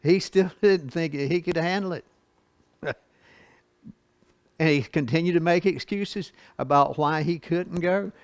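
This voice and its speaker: A man teaching a Bible study lesson, reading scripture slowly and explaining it in a folksy way with asides and chuckles. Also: fairly high pitch, no room sound.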